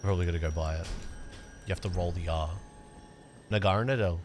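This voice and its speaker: A young man casually chatting to his livestream chat while he plays a game, joking around and breaking into sudden excited outbursts. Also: sits low, quick pace, faint music behind. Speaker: streamer.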